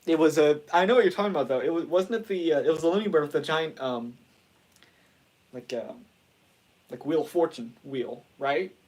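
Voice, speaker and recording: A man's voice: on the high side, moderate pace, a little mellow. A man chatting casually as host, rambling and restarting his sentences often. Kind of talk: casual chat.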